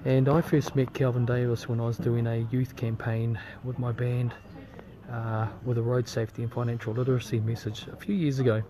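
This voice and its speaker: A man with a New Zealand accent talks at a mid pitch, halting and earnest, with an indignant edge. He is recording a casual video update in a busy airport terminal, and crowd chatter is clearly heard behind him. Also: level tone. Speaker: campaign leader posting a video update. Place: airport terminal, waiting on a delayed flight.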